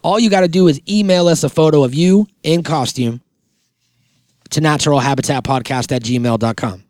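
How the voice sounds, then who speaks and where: A man hosting a podcast, rambling and joking through sponsor reads while high, laughing mid-sentence. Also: moderate pace, darkish tone, dry recording, clean studio sound. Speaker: podcast host. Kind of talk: casual podcast chat reading sponsor spots.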